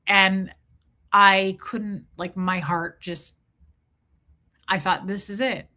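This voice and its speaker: A woman's voice: mid-range voice, fairly even intonation, slow pace, long pauses, bright, forceful tone. A woman from Kansas City, podcast host, telling a personal story candidly and emotionally with lots of "like" fillers. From Kansas City, USA.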